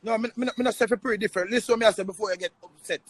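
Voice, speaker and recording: A Jamaican man with a very high voice argues fast and insists on being heard, repeating himself. He speaks into a phone, and the sound is close and dry. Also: steady tone, slightly rough, dry recording. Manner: insistent, repeats himself to make his point. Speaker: Instagram live streamer. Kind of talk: heated argument on a live stream.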